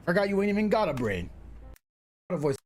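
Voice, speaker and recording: A man's voice: high voice, big pitch swings, fast, darkish tone. A man chatting on a replayed stream clip, unsure of himself and trailing off. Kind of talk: casual live-stream chat.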